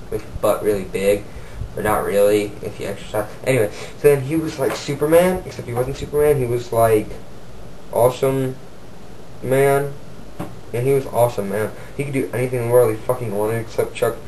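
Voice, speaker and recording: A man's voice: fairly low pitch, darkish tone, a little hiss or hum, rough recording. A man telling an improvised comic story in a rambling, goofy, off-the-cuff way.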